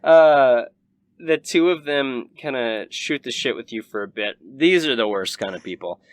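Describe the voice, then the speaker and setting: A man's voice: mid-range voice, no echo. Laid-back young man running a tabletop game. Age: 20s. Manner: relaxed, halting, with fillers. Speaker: game master.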